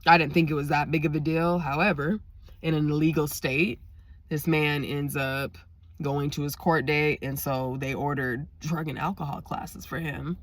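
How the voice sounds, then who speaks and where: A woman vlogger casually telling a personal story to her viewers, acting out the dialogue with lively energy. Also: low voice, moderate pace, no echo. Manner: animated, lively retelling with quoted dialogue; talks straight to viewers.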